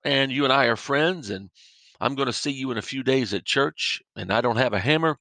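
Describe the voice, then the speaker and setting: Gravelly-voiced man preaching a casual sermon. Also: mid-range voice, fairly quick, bright, forceful tone, no room sound. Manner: folksy, repetitive, illustrates with everyday stories. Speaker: podcast preacher. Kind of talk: conversational sermon.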